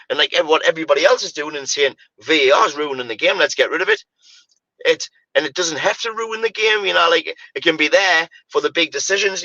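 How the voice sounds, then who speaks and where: A man's voice: on the high side, pushed and bright, dry recording, muffled recording. A man, ranting animatedly about football on a casual podcast, full of "mate" and "you know, like". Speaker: podcast co-host.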